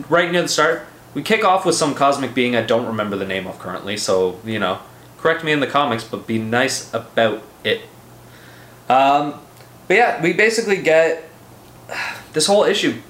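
A man hosting a casual comic book review podcast, excitable and profane, rambling with lots of fillers. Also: on the high side, reverberant.

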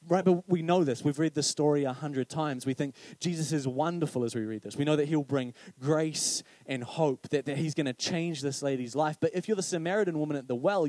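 A man's voice: fairly high pitch, no echo. A male pastor giving a conversational sermon, often asking "right?" and acting out quoted voices. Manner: conversational, animated, acts out quoted voices with many "right?" asides.

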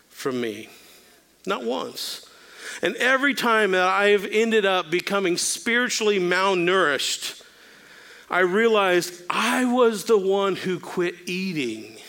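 A man's voice: high-pitched, sharp tone. A middle-aged male pastor giving a sermon-style talk, telling candid, self-deprecating stories with the odd filler.

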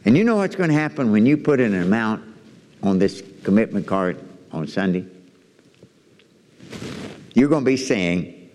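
A man preaching a sermon, animated, repeating phrases and restarting words as he goes. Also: lowish voice, normal speed, pauses often. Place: church. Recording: echoey hall reverb.

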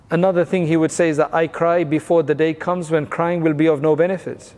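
Male religious teacher, fairly high voice, explains in plain steps, long reverb on the recording. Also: fairly even intonation, fairly quick, hardly any pauses, a little mellow. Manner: explains narrations plainly, with Arabic phrases.

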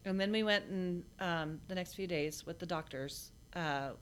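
A woman with a low voice talks casually as an interview guest. She recounts her story bluntly and plainly, with frequent halting restarts and fillers. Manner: blunt, matter-of-fact.

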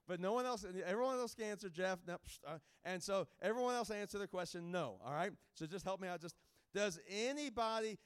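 A man's voice: high-pitched, clear, resonant tone. A man speaking as a guest evangelist, giving a jokey, rambling informal sermon to a camp with many restarts.

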